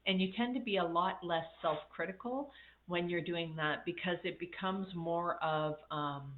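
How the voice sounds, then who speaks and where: A woman's voice: fairly low pitch, moderate pace. A woman life coach on a casual livestream, telling reflective stories with many fillers and a slightly congested voice. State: slightly congested, coughing after illness. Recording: tinny phone-like audio.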